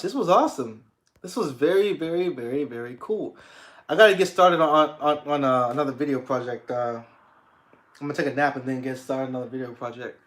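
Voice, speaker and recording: A young man hosting a livestream, chatting casually with viewers in a rambling way, with many restarts and fillers. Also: a little high. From United States. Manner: laid-back, swears casually. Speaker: livestream host. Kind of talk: casual livestream chat reading comments.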